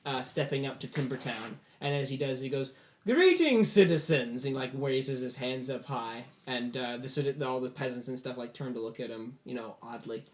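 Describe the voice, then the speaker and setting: A man's voice: medium pitch, little pitch movement, fairly quick, few pauses, reverberant. A man narrating a tabletop game as game master, rambling loosely with many fillers.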